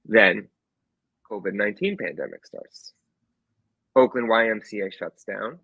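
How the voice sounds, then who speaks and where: A man telling a funny anecdote in a casual chat, animated, with quick restarts as a guest author. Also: fairly low pitch, creaky, husky, no echo, highs cut off.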